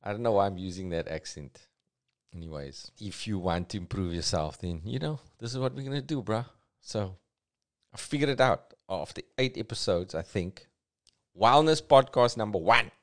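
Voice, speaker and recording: A middle-aged man hosts a loose, comedic solo podcast. His voice sits on the low side, and he swings between half-mumbled asides and sudden loud jokes. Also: animated, normal speed. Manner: rambling, self-mocking, jumping between mumbles and bursts. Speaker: podcast host.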